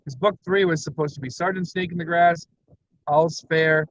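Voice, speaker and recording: A man's voice: a little high, fairly even intonation, normal speed, no echo, highs cut off. A man livestreaming from his parked car, rambling energetically with frequent laughs and self-deprecating asides. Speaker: comic creator livestreaming. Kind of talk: rambling solo livestream chat.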